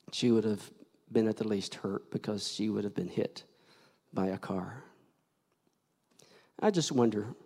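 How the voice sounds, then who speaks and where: An older male pastor delivers a sermon in a church, unhurried and deliberate. He swings from hushed near-whispers to loud shouts as he presses toward an altar call. His voice rings with the long reverb of a large sanctuary. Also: fairly low pitch.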